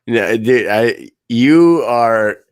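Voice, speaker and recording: Excitable swearing male host, dry sound. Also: mid-range voice, very slow, clean tone, dry recording. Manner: enthusiastic, swearing freely. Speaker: podcast host. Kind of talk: casual chat.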